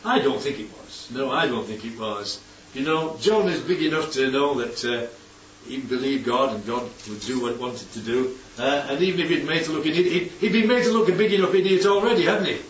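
A man's voice: mid-range voice, fairly quick, few pauses, a little hiss or hum. A man preaching a conversational sermon, often throwing rhetorical questions at his listeners. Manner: chatty, asks the congregation rhetorical questions. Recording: echoey hall, distant, dull mic.

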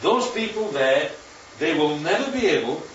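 A man leads a relaxed Bible class, moving through slides and checking often that his listeners follow. His voice sits a little high for a man. It comes from some way off the mic, muffled and echoing around the room. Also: normal speed, a little hiss or hum. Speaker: Bible study teacher. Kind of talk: informal Bible teaching with slides. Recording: roomy, distant, muffled hall recording.

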